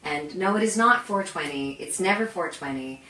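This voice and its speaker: A woman hosting a live cooking demonstration in her home kitchen, chatty and animated, full of self-deprecating asides. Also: fairly low pitch, normal speed, a little hiss or hum. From Canada. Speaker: cooking show host. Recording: echoey kitchen, mic at a distance.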